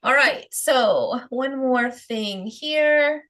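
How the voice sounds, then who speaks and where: A woman's voice: high voice, drawn-out words, a bit bright. A woman with a Rhode Island accent hosting a live question-and-answer stream, chatty and upbeat, greeting viewers. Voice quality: chatty, upbeat, with fillers and little laughs. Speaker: host of a self-publishing Q&A.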